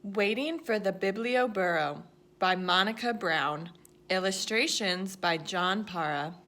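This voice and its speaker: A woman hosting a children's storytime, reading a picture book aloud in a gentle, carefully enunciated way. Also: mid-range voice, measured pace.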